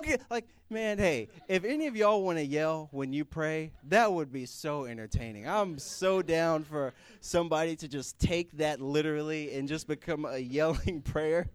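A young man giving a casual, comedic sermon, animated and joking as he acts out people praying. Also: a little high, clear, resonant tone. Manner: animated, jokey, acts out prayers in put-on voices. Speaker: youth speaker.

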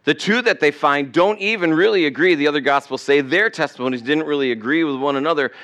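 A male pastor preaching a sermon, swinging between loud emphasis and hushed asides. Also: a little high, fast talker.

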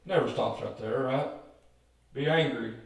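A pastor preaching a folksy, joking sermon, often repeating words and calling out for amens. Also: male voice, medium pitch, a little slow, creaky. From Kentucky. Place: church sanctuary. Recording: very echoey church, voice far from mic.

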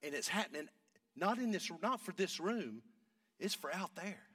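A man, preaching a sermon and telling a story, going from hushed talk up to shouting. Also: high voice, lively intonation, moderate pace, dry recording, distant mic.

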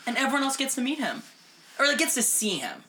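A woman's voice: high voice, quick pace, slight background noise. A woman from Northern California co-hosting a podcast in casual, sarcastic chat, often acting out what others said. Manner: sarcastic, animated, acts out quotes. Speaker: podcast co-host.

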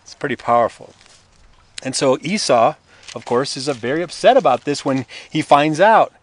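A preacher talks through a sermon in a relaxed, conversational way, his pitch sitting a touch high. He speeds up and slows down freely, and he slips into the voices of the story's characters as he tells it.

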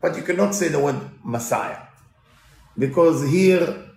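Man voicing smooth, persuasive hirers. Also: on the high side, measured pace, darkish tone, voice pushed up. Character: businesslike church hirers making a deal. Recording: roomy echo.

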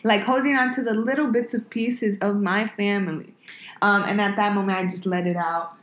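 A young woman in casual podcast chat, speaking softly and reflectively. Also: medium pitch, steady tone, normal speed, reverberant. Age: young adult.

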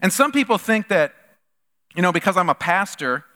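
High, bright-voiced male pastor in a hall. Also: normal speed. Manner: animated storytelling, acts out quoted voices. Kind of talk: sermon. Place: church hall.

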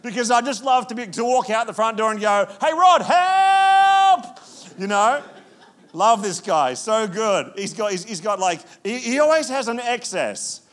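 A man preaching a sermon, with animated storytelling and frequent restarts. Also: sits high, normal speed. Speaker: pastor.

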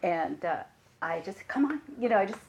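Gentle, reflective woman giving a dharma talk. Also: fairly low pitch, gravelly. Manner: reflective and unhurried, with frequent pauses and fillers. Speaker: meditation teacher.

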